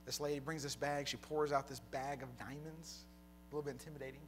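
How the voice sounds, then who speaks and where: A young man preaching a sermon, telling a personal story that builds to a fervent, shouted close. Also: medium pitch, fairly even intonation, fast talker, a little hiss or hum. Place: church hall with congregation.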